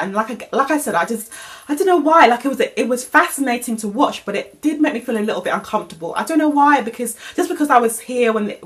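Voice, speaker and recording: A woman's voice: mid-range voice, a bit bright. A young woman giving a rambling, casual recap of a TV episode, with lots of fillers and restarts. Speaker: TV recap vlogger.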